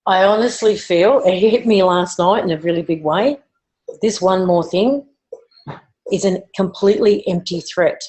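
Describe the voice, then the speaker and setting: Female co-host, mid pitch, blunt and animated, casual swearing. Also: moderate pace, low-quality recording. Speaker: podcast co-host. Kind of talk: casual live show chat.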